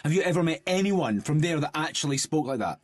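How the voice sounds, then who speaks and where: A man in radio comedy who rants, scolds and shouts in outrage. His husky voice swings widely in pitch, and the studio sound is dry. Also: lively intonation, fast, no room sound. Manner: exasperated, ranting, shouting in outrage. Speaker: sketch performer and announcer. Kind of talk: radio comedy sketch acting.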